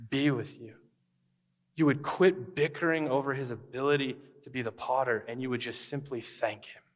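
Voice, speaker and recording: A man preaching a conversational sermon as pastor, animated and acting out quoted voices. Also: fairly high pitch.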